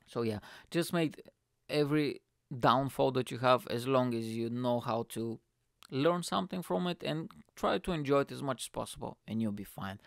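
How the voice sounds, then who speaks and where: Man, gravelly yet smooth voice, dry close sound, rambling casual storytelling, swears a lot. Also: mid-range voice, moderate pace, dry recording. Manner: rambling, profane, animated quotes. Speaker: stand-up comedian.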